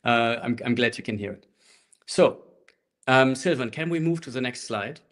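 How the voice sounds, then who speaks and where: A man teaching a live online handpan workshop, explaining rhythms in a relaxed way and chanting rhythm syllables, recorded through a laptop microphone. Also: mid-range voice, moderate pace. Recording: faint handpan music behind. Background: handpan playing.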